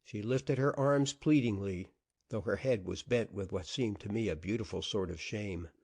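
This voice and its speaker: A man narrating an old-fashioned audiobook story in an expressive, dramatic way. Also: lowish voice, normal speed.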